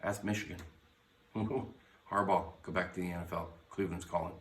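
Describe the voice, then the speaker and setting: Loud-mouthed guy doing sports picks, swears a lot, bit far off the mic in an echoey garage. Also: low voice, steady tone, moderate pace. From United States. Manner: brash, blunt, swears freely, jumps between teams. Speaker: sports podcast host. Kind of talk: casual sports commentary. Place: his garage.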